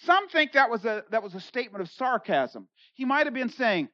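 A pastor works through a scripture passage verse by verse and puts each line into everyday words. The delivery is animated, and when the pastor acts out a quoted speaker, the voice jumps in pitch and loudness. The sound is dull and lo-fi, with a dry, close feel. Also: a little slow, no echo. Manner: conversational, paraphrases in everyday words. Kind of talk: expository sermon, reading and explaining scripture.

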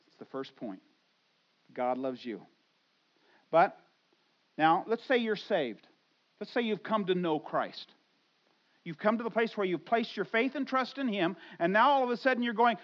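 A middle-aged man with a high voice preaches a sermon. He swings from loud, excited bursts to quiet, earnest asides and acts out the voices in his head. The recording sounds a little dull and lo-fi. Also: moderate pace. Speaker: pastor.

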